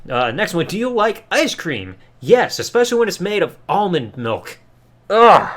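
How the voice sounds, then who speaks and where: A man's voice: high-pitched, very animated, normal speed. A man hosting a podcast, giving a sarcastic, casual episode review and swearing freely. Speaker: podcast host.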